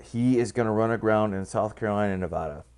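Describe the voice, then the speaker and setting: A man's voice: fairly low pitch, fast, a little mellow, smooth. A man giving casual, rambling political commentary, blunt and profane, full of fillers and restarts.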